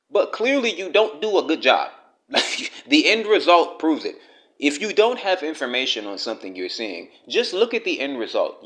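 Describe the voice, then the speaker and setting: A man's voice: medium pitch, a bit bright. A man with delivering a blunt, profane, scolding rant to the camera, talking straight at the person he criticizes. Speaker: commentary vlogger.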